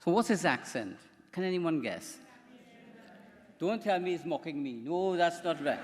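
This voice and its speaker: A man's voice: a little high, lively intonation, moderate pace, long pauses. Man presenting in a reverberant hall. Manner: chatty, rambling, with repeated words. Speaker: doctor giving a conference talk. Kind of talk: conference presentation. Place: conference hall. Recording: hall reverb from a microphone in a conference room.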